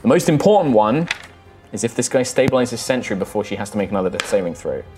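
A man's voice: fairly low pitch, big pitch swings, fast talker, music in the background. A man narrating as game master of a tabletop game, in a loose, conversational way.

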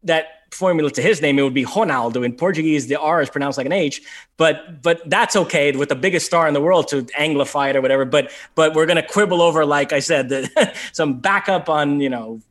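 A man's voice: on the high side, brisk, a bit bright. A man co-hosting a soccer podcast in casual chat, talking hesitantly with frequent restarts. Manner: hesitant, lots of restarts and fillers. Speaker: podcast co-host.

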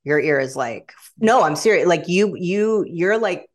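A woman guest in casual conversation, telling animated stories and slipping into quoted voices. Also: on the low side, measured pace. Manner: animated storyteller who slips into quoted voices.

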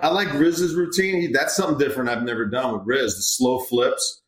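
In an echoey room, a middle-aged hitting coach with a mid-range voice talks fairly quickly, barely pausing. His casual interview chat wanders a little as he relaxes into player stories and acts out their lines.

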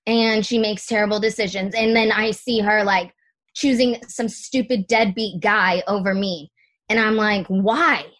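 A woman's voice: mid-range voice, fairly even intonation, normal speed, a bit bright. A young adult woman speaking as a podcast guest in casual, candid chat, full of "like" fillers and the odd swear word.

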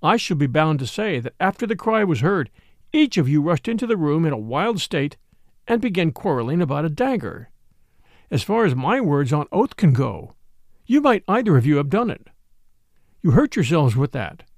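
A man voicing a quiet little priest detective. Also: on the high side, normal speed, no room sound, clean studio sound. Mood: calm, grave. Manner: quiet, calm and precise. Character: little mild-mannered male priest detective.

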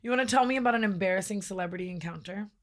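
A young woman co-hosting a casual podcast, talking at a rapid clip. She rambles through stories, full of "like" and quick laughs. Her pitch sits in an ordinary middle range. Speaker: podcast co-host. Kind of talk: casual chat.

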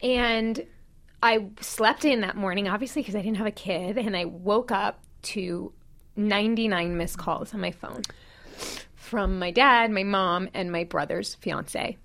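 A woman in her thirties, a podcast co-host, candidly retelling a painful personal story with animated quoted dialogue. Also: mid-range voice, a little slow. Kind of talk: personal storytelling in casual chat.

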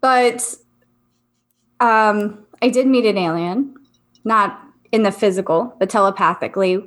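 A woman's voice: mid-range voice, measured pace. A woman co-hosting a podcast, chatting casually and rambling with lots of fillers. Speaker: podcast co-host, psychic reader. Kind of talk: casual chat.

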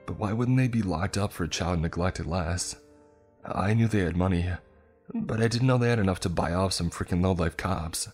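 A man with an extremely deep voice narrates a first-person horror story. His delivery is steady and dramatic, with soft music underneath.

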